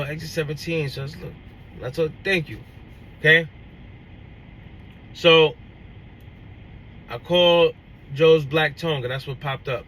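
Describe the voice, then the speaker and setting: A young man with a bright, forceful voice that sits a little high for a man. He is telling a story in a casual vlog and acting out both sides of the dialogue as he goes. His delivery is animated and full of restarts. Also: poor audio. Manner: animated retelling, acts out dialogue, many restarts. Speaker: owner-operator truck driver.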